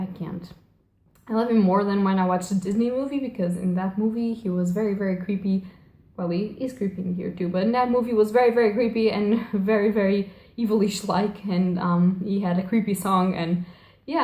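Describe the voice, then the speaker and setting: A woman's voice: mid-range voice, a little mellow. Rambling young woman in an echoey room. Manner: rambling, gushing, self-correcting, frequent fillers. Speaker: book vlogger. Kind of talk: casual chat.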